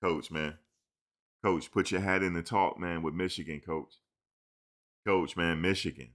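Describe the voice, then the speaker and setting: A man hosting a casual live-stream sports talk show, teasing and answering his chat in an animated way. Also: low-pitched, unhurried.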